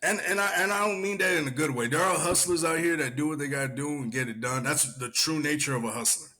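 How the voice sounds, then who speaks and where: A young man hosting a podcast, telling stories in a profane, animated way. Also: on the high side, fast talker. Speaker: podcast host. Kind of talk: casual chat.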